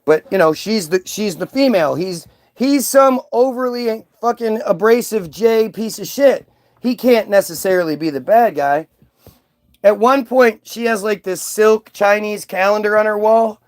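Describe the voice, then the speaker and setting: A man's voice: high voice, moderate pace. A man hosting a livestream, ranting casually to his chat in a heated, profane way with many restarts. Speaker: livestream host. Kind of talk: casual rant to a live chat.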